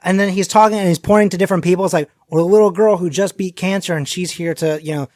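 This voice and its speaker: A man chatting on a podcast, telling rambling, animated stories full of acted-out quotes. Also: high voice, fast talker, dry recording, studio quality. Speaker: podcast guest. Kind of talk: casual chat.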